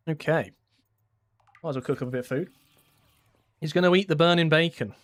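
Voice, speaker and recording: A young man from England talks casually through a live game stream. His voice sits a little high for a man. He rambles in a friendly way, laughs often and reads his chat aloud. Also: moderate pace. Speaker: gaming streamer.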